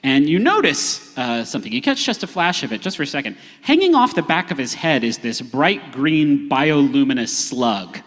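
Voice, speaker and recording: Game master with a lively voice, on stage. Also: male voice, mid-range voice, moderate pace, few pauses. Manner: hesitant, lots of uh fillers, playful. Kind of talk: live tabletop game narration. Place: large theater stage. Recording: live theater stage reverb.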